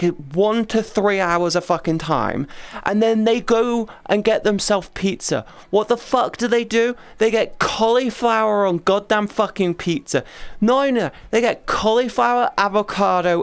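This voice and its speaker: A woman streamer in casual chat who rants loudly and swears constantly. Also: medium pitch, unhurried, clean tone. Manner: loud, profane, ranting. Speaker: VTuber streamer.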